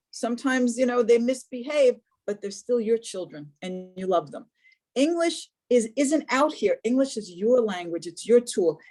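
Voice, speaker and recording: A woman's voice: fairly high pitch, a little mellow. An older American woman teaching an online English conversation class, encouraging and repeating words as she searches for them. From United States. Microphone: video call.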